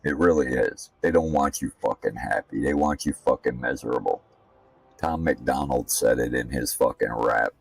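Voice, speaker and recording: A man's voice: rumbling low, moderate pace, vocal fry, husky, far from the mic. A man giving casual, profane commentary while practicing laps as a sim racing streamer, ranting bluntly between remarks on the car. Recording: voice set back from the mic.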